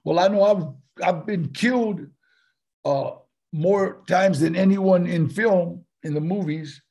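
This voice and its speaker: A man's voice: high voice, slow, creaky, darkish tone, slightly rough. An older man, telling stories as a guest in a casual interview, rambling and laughing. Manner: rambling, laughing, full of "you know" and "man". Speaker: guest actor.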